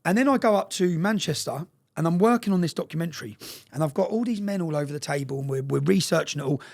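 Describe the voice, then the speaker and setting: A man's voice: fairly high pitch, expressive, fast, vocal fry, darkish tone. A man, a guest telling stories with insistent energy and ending his phrases with questioning "yeah?" tags. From England. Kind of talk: impassioned storytelling in conversation.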